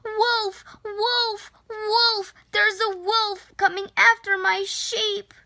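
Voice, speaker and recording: Storybook shepherd boy, bored and scheming, slow drawn-out lines read by a woman; fairly high. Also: full character voice. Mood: yelling. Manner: drawn-out, sighing complaints, shouted alarms.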